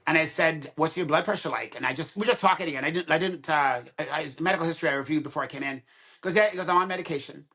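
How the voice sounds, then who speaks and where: Racing through his words in a slightly high voice, a dentist around sixty tells stories as a podcast guest. The chat is casual, and he animatedly plays out both halves of every quoted exchange.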